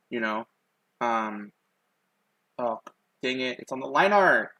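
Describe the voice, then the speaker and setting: A man's voice: medium pitch, animated, slow, pauses often, pushed and bright, no room sound, rough recording. A young man streaming while he draws, telling a long story in a loose, rambling way with lots of fillers. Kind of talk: casual chat while drawing.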